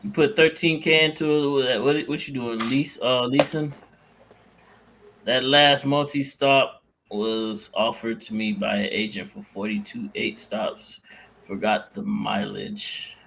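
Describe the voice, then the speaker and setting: Host: man, unhurried slangy delivery, mid pitch, faint noise behind. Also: fairly even intonation, gravelly, a bit bright. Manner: laid-back, slangy, chuckling. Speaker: streamer host, truck driver. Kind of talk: casual livestream talk.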